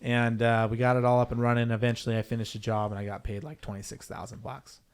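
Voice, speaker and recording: A young adult man, a podcast guest, tells a story casually in an animated, rambling way, restarting and correcting himself. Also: medium pitch, quick pace, smooth.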